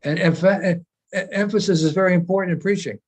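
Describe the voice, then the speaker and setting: Man with a higher-than-usual voice, a spiritual teacher explaining earnestly in an informal meeting. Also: steady tone, quick pace, a little mellow, husky. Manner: earnest, explanatory, repeats phrases while searching for words.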